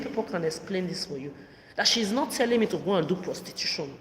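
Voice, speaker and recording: A woman's voice: lowish voice, expressive, fast. A woman in her thirties delivering an angry, profane, accusatory solo monologue as a podcast host. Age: 30s. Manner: furious, profane, accusatory ranting. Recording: reverberant room, faint background noise.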